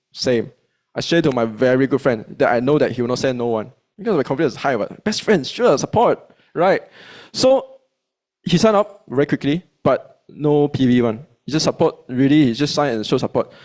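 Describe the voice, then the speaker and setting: A man with a Malaysian English accent, telling a motivational story to an audience in a colloquial, animated way and acting out his own dialogue. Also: medium pitch, normal speed. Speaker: speaker at a business event.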